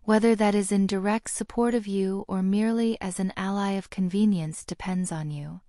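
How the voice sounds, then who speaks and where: A woman's voice: mid-range voice, steady tone, moderate pace, dark tone, no room sound, lightly acted. A woman voicing a curt, sardonic wizard ambassador. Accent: Australian. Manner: curt and dry. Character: stiff, sardonic powerful male wizard ambassador.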